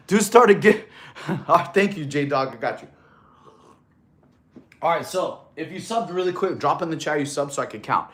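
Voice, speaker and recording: A man's voice: a little high, animated, a little slow, long pauses, fairly bright tone. A man chatting casually on a fitness livestream in a laid-back, slangy way, getting out of breath as he counts push-ups. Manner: laid-back slangy talk, calls viewers bro. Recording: echoey room.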